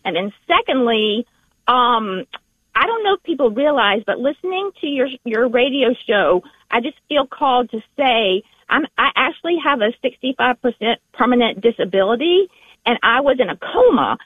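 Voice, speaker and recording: A woman with a Southern accent calling in to a radio show, speaking earnestly and haltingly, often repeating herself. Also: on the high side, very animated, dry recording. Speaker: radio caller. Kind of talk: call-in radio chat. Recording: phone line.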